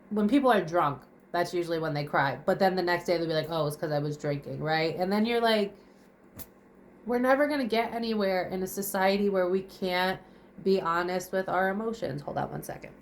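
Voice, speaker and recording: A woman's voice: mid-range voice, slight background noise. A young woman in her kitchen at home, crying and out of breath as she vents bluntly to camera in a raw confessional monologue, swearing and firing off rhetorical questions. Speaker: vlogger.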